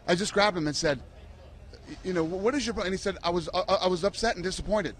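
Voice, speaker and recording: A man's voice: sits high, fast. A middle-aged man ranting bluntly and profanely at a press conference as a sports promoter.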